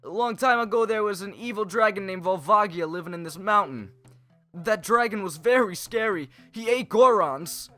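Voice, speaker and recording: A man voicing an eager young male Goron rock-creature boy, reading game dialogue aloud in an excited, pleading, high and loud voice. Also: normal speed, soft background music. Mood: storytelling.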